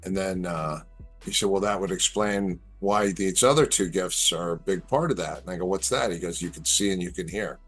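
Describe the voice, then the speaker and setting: Low-voiced man telling strange stories. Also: moderate pace, breathy edge, soft background music. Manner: animated storyteller, acts out quoted lines. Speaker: guest. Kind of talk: casual storytelling chat.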